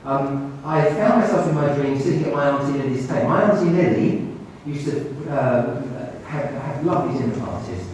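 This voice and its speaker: Animated man in an echoey hall. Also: normal speed, hardly any pauses, a little hiss or hum. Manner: animated, swings his pitch when quoting others. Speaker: doctor giving a talk. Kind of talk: storytelling talk to an audience. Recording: roomy hall, mic at a distance.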